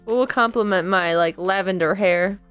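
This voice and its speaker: A woman's voice: medium pitch, normal speed, a bit bright, soft background music. A woman co-hosting a casual let's-play chat as a game developer, giggly and easily distracted.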